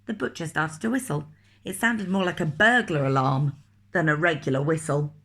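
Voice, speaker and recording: A woman reading a picture book aloud to children, expressive and asking the listener questions. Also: low-pitched, normal speed. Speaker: teacher reading a story to children.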